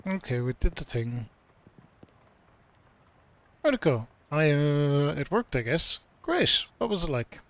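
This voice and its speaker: A man's voice: fairly high pitch, big pitch swings, unhurried, pauses often. A man streaming a game, reading its dialogue aloud in a casual, playful way with mock old-fashioned delivery. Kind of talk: let's play commentary, reading game text aloud.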